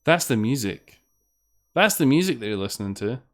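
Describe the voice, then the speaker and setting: A man's voice: medium pitch, very animated, moderate pace. A man giving rambling, casual commentary while streaming a game, swearing now and then. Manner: rambling, chatty, swears when frustrated. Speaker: streamer playing fangames.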